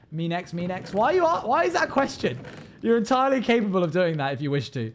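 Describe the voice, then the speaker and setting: A man with a high, very animated voice talks fast over a slight hiss or hum. He's live-streaming a game, casually chatting with viewers, reading their comments out loud, and humming and scatting tunelessly as he builds.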